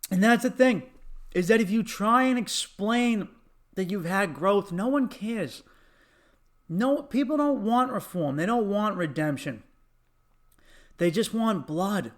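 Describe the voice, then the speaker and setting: A man's voice: high-pitched, expressive, a little slow, long pauses. A man hosting a solo comedy podcast, ranting with lots of swearing and laughing at his own jokes, sniffly from allergies.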